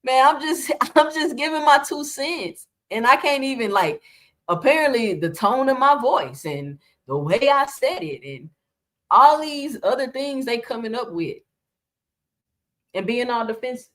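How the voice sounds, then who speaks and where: A woman's voice: high voice, animated, a little slow, fairly bright tone. A woman hosting casual boxing reaction commentary, talking animatedly and piling up rhetorical questions.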